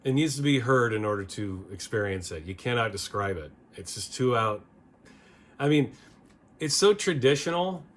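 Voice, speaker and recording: Give me an opinionated man of middle pitch reviewing an old album in a loose, rambling way. He backs up and restarts sentences, mixing blunt verdicts with musing asides. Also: animated, normal speed. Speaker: music video host. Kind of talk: casual record review.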